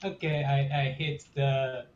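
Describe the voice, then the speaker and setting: A man's voice: medium pitch, level tone, slow pace, echoey room, lo-fi sound, background noise. A man playing in a tabletop game, hesitant and restarting as he asks questions. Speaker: player. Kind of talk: casual game talk.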